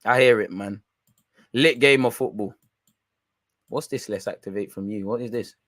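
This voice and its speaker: A man's voice: on the low side, moderate pace, a bit bright, no room sound, clean studio sound. A young man hosting a football watch-along, bantering and mocking in slangy casual chat. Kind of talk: casual live match reaction.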